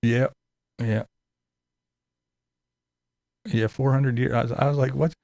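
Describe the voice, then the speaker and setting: A man with a gravelly, creaky voice, recorded dry and close. He hosts a loose commentary show, incredulous and profane, and laughs between his remarks. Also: mid-range voice, little pitch movement, takes it slowly, darkish tone, no echo. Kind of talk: casual commentary to a live chat.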